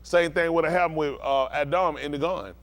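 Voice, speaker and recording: Pastor man, higher voice, checking in. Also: brisk. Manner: keeps checking the listeners understand. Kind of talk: bible teaching with call-and-response.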